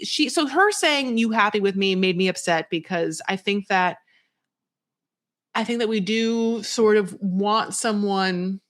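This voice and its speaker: A woman hosting a podcast, chatting casually in a lively, rambling way about a reality show. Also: mid-range voice. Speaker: podcast host.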